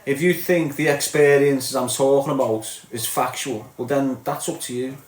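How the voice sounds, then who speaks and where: A man's voice: medium pitch, steady tone, moderate pace. A middle-aged man with a Liverpool accent, ranting bluntly and mockingly at viewers on a live stream, tagging his lines with "lad" and "mate". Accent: Liverpool (Scouse). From Liverpool, England. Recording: roomy echo.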